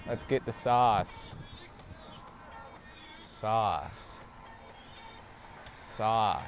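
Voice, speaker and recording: A man talks to the camera as he rides a bike through city streets, musing aloud in an unhurried, drifting way. His thoughts wander through absurd jokes and casual swearing. Faint music plays underneath. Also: lowish voice. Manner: absurd, profane stream of thought. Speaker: vlogger. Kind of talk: rambling monologue while cycling. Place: outdoors on city streets while riding a bike.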